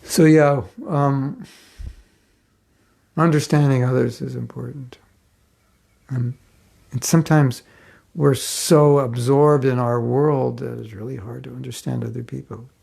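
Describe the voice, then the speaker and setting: Gravelly-voiced man telling devotional stories. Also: medium pitch, fairly even intonation, measured pace, long pauses, a little mellow. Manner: conversational storytelling, chuckling often. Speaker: spiritual teacher. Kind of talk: devotional class lecture.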